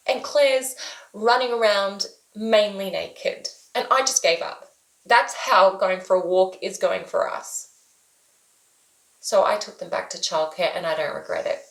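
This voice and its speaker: A woman, a mother telling a comic true story in an animated, exasperated way. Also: mid-range voice, creaky. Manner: animated, exasperated, acts out family members. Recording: roomy echo.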